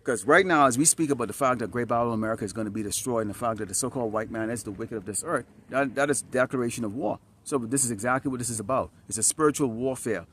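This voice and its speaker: Outdoors in dusty, slightly windy air, a male street preacher reads scripture and sermonizes with hardly any pauses. His medium-pitched voice is quick, fairly bright, and slightly rough. Emphatic and repetitive, he peppers his preaching with quick check-ins like "Huh?" and "All right?".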